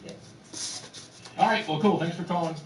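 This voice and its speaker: A man's voice: high-pitched, fairly even intonation, normal speed. A man hosting a call-in show, talking bluntly and dismissively about scripture arguments. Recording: roomy distant mic with noise.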